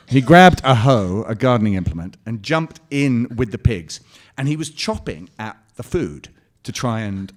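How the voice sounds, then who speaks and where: A man answering fan questions at a convention panel, telling lively anecdotes on a handheld mic. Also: mid-range voice, normal speed, few pauses. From Scotland. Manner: lively anecdotal storytelling with quoted voices and laughs. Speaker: convention panel guest actor. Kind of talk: storytelling Q&A panel.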